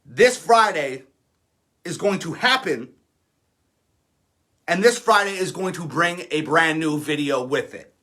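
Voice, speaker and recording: A man's voice: a little high, animated, a little slow, long pauses, bright, forceful tone. A man in his thirties, an independent rapper, ranting defiantly and sarcastically on a livestream, swearing often. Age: 30s. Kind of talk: livestream rant.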